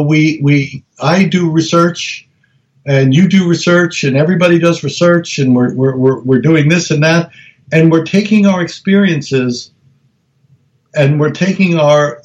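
A male researcher, appearing as a guest in a casual interview, tells stories in halting bursts with many restarts, acting out other people's voices. His voice is a little high with a darkish tone, and the recording sounds dull and lo-fi.

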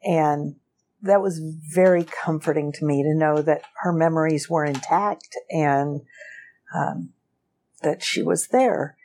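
A woman with a low, mellow voice tells a personal story to an interviewer. She speaks slowly and evenly, and she often laughs lightly between sentences. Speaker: interview guest.

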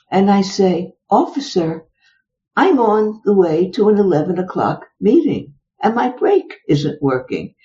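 The speaker is an older woman and psychologist with a warm, medium-pitched voice. In an interview, she tells personal stories filled with exclamations and rhetorical questions, recorded in dull lo-fi sound.

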